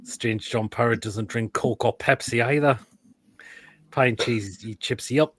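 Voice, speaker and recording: A man at a middle pitch, running a live football stream and judging food pictures. He talks in crude, blunt one-liners and breaks into loud outbursts now and then. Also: measured pace, slightly rough, dry recording. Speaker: host of a live football show. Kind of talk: live-stream chat reacting to food pictures and reading comments.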